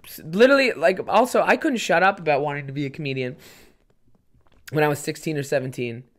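A man's voice: on the high side, fast talker, fairly bright tone. A young man in his twenties hosting a comedy podcast alone. He rambles casually, swears freely, and tells loose stories in an everyday voice. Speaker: podcast host.

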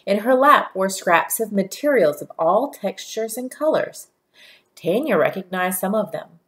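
A woman reading a children's storybook aloud in a gentle, steady storytelling manner. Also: mid-range voice, a little slow. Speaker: narrator.

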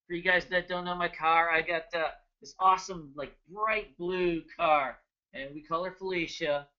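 A man in his thirties with a high, piercing, bright voice hosts a live trading webinar, full of jokes and quick greetings to viewers. The sound is dull and lo-fi, like a computer mic. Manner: energetic, joking, chatty, greets viewers by name. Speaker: trading educator hosting a webinar. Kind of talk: casual live webinar talk.

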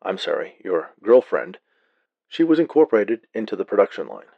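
A man voicing a calm male police officer with a flat, matter-of-fact manner. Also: lowish voice, moderate pace, vocal fry, no room sound, phone-quality sound, heavily acted. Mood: deadpan.

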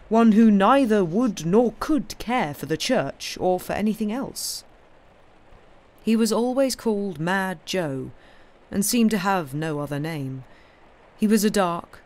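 A woman reading a classic short story aloud in a measured storytelling manner, lifting her voice for the characters' speech. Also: fairly low pitch, darkish tone. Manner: measured storytelling, voicing characters' lines with raised, livelier delivery. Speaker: audiobook reader. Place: home streaming setup.

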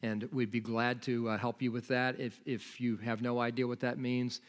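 Animated man preaching a sermon. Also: mid-range voice, moderate pace. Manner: animated storytelling with acted-out dialogue; earnest, pleading exhortation. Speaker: pastor. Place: church sanctuary.

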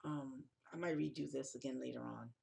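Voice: medium pitch, fairly even intonation, a little fast, gravelly, dark tone, breathy edge. A fashion blogger walking through a screen tutorial, sounding exhausted and yawning, rambling casually with many restarts. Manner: rambling, thinking aloud with restarts. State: tired, yawning.

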